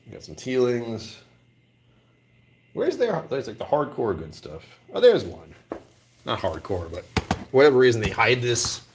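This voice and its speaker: A man's voice: medium pitch, big pitch swings, a little slow, pauses often, slight background noise. A man hosting a casual live vlog from a whiskey store aisle, thinking aloud and laughing often. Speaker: whiskey channel host.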